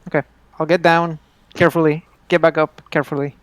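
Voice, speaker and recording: A man's voice: fairly high pitch, flat delivery, brisk, clean tone. A man as a player in a tabletop game, agreeable and hesitant, often trailing off. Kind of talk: casual tabletop game chat.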